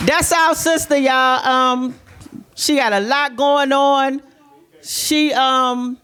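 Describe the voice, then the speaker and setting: A woman's voice: fairly high pitch, unhurried. A woman speaking to a live audience from a stage, hyping up the crowd and calling people out. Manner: hyping up the crowd, shouting out names. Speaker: panelist and stage performer. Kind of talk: casual speech to a live audience.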